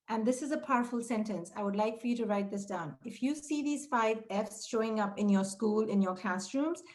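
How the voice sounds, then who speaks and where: A middle-aged woman with a somewhat high voice runs a training webinar for childcare center leaders. She speaks straight to her audience with direct encouragement. She often slips into quoted dialogue to act out classroom moments. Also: darkish tone. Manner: breaks into quoted dialogue with raised pitch. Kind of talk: webinar teaching talk.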